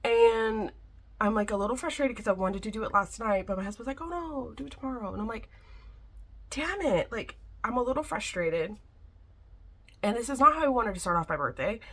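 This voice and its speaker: A woman's voice: mid-range voice, fairly bright tone. A young woman talking casually to her camera at home in a frank, chatty reading vlog, a little worn down and frustrated. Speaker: vlogger.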